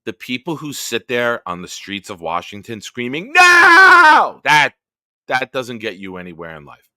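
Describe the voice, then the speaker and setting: A man hosting a sports live stream, his low voice swinging from heated, profane rants to easy chat with viewers. His tone is bright and forceful, his pitch jumps around a lot, and the room sounds dry and close. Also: expressive, moderate pace, no room sound. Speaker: host.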